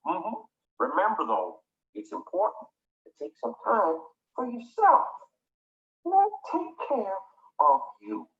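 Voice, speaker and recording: A man voicing a calm, caring puppet father in a children's TV clip, speaking soothingly and encouraging parents to breathe. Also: high-pitched, slow pace, pauses often, heavily acted. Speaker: puppet character in a played clip. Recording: roomy, dull video played over a call.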